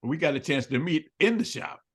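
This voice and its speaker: A man's voice: a little high, animated, a little fast, husky. An older man telling a story in an interview, acting out both sides of the dialogue and laughing often. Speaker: interview guest.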